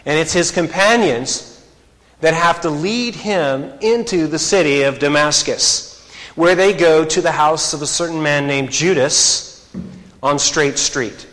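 Preacher with hall reverb. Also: male voice, on the high side, a little slow. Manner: animated storytelling, acts out quoted voices. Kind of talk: sermon.

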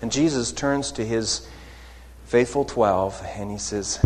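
A man preaching in a slow, deliberate sermon, voicing the people he quotes with lifts of emphasis. His voice sits at an ordinary pitch and rings with a long reverb, as from a large hall. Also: darkish tone. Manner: unhurried preaching, acting out quoted lines with rising emphasis. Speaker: pastor.

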